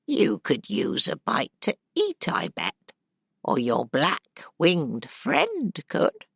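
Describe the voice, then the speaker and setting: A woman's voice: huge pitch swings, vocal fry, husky, no echo, studio quality, exaggerated voice. A woman voicing a chatty, bossy old woman over eighty who tells stories at an inn. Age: over 80 (figure). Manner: high, slow and loud calls.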